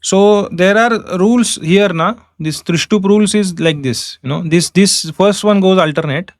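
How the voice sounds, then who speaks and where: A man teaching a class, explaining step by step and chanting verses slowly in meter. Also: high voice, no echo, studio quality. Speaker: Sanskrit teacher. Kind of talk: online class lecture.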